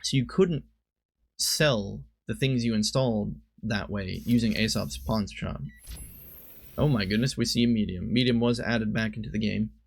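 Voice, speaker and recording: A man with a low-set, gravelly voice walks through a card game match in a relaxed commentary style. He thinks out loud and catches his own mistakes as he goes. The sound is dry and close, with no room echo. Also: moderate pace. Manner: thinks aloud, often corrects himself. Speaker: streamer and commentator.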